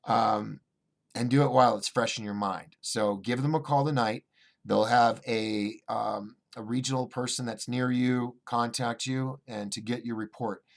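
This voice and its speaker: A man hosts a casual call-in livestream show, reading viewer chat aloud and rambling through restarts and fillers. He alternates between excited bursts and low asides, with vocal fry in his voice.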